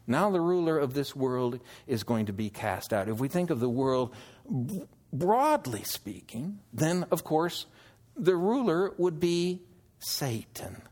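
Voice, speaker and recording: A male preacher works through a Bible passage at an unhurried pace, with a voice of middling pitch. He lays out one point at a time and puts questions to the congregation. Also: sing-song, a little mellow. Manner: slow, measured teaching with scripture quotes; emphatic, questioning delivery. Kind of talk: expository sermon.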